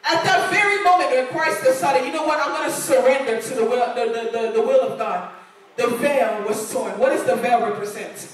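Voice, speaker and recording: A woman's voice: high-pitched, moderate pace. A woman preaching a sermon in a church, earnest and repeating lines for emphasis. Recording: echoey church hall, voice from far off.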